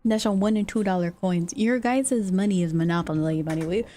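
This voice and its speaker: A woman talks casually to her live-stream audience in a medium-pitched voice. She is chatty and answers her viewers' comments as she goes. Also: a little fast, mellow, a little hiss or hum. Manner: chatty, reacts to chat messages. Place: lives in the United States.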